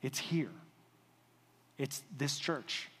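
A male pastor giving a conversational, animated sermon in a church sanctuary. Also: mid-range voice, extremely slow, long reverb tail.

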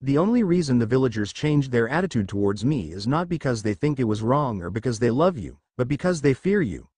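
A man voicing a cold, bitter teenage boy ninja in a fanfiction read-aloud, speaking in a flat monotone. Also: medium pitch, brisk, slightly rough, no room sound. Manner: flat monotone, quietly seething.

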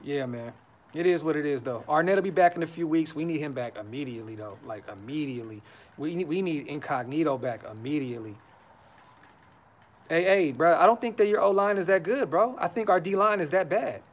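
A man's voice: a little high, animated, fairly quick. A man hosting a fan podcast, talking casually on a live stream with frustration, blunt slang and lots of repeats. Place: brother's house.

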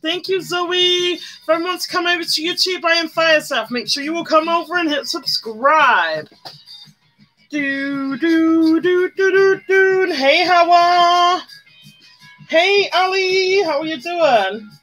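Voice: extremely high pitch, unhurried, pushed and bright. A person chatting casually on a livestream while doing makeup, greeting viewers by name and humming along. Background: faint music.

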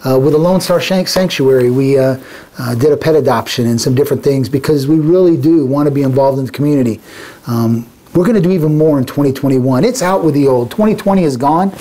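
A man pitching used cars at a dealership lot, with hyped, rapid price countdowns. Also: warm tone. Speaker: car dealership salesman. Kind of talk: energetic sales pitch.

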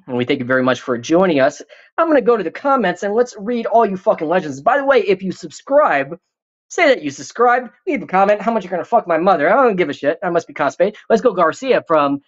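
A man's voice: sits high, highs cut off. A man hosting a live stream, reading viewer comments in a profane, rambling, joking way.

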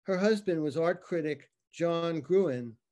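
A man reading his own narrative poem, slow and dramatic, over a video call. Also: on the high side, a little mellow. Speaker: poet reading his work. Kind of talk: poetry reading.

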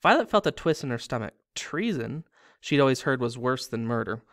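A man reading a novel aloud with steady storybook narration. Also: mid-range voice, fast, no room sound, clean studio sound. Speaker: reader.

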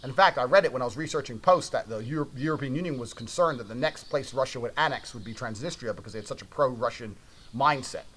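Brash storyteller, British man, rapid-fire profane delivery, faint hiss behind. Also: mid-range voice, a bit bright. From Britain. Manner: brash, swearing, emphatic. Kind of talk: profane anecdote telling.

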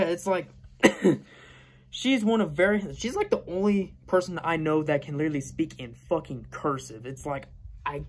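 A young man in his late teens ranting casually to camera, profane and blunt, repeating himself often. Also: on the high side. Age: young adult. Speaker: vlogger.

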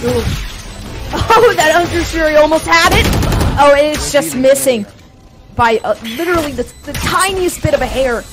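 A woman's voice: high-pitched, expressive, normal speed, music in the background, rough recording. A woman casting an esports match live, often stammering and repeating her words. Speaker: esports caster. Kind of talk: live play-by-play commentary. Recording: clear background noise.

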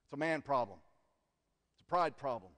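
A man preaching a sermon as pastor, earnest, moving from loud emphasis to hushed asides. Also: medium pitch, animated, moderate pace. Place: church sanctuary. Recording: long church hall reverb.

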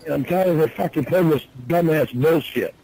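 High-voiced man yelling and cursing on a call. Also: brisk, vocal fry, poor audio. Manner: yelling, heavy swearing. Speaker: caller in archived phone recording. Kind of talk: heated phone argument.

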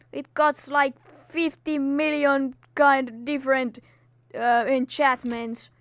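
A woman's voice: fairly high pitch, steady tone, takes it slowly, pauses often, no room sound. A woman hosting a Minecraft let's play in a put-on, theatrical voice, scolding enemies and exclaiming dramatically, in slightly non-native English. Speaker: gaming video host.

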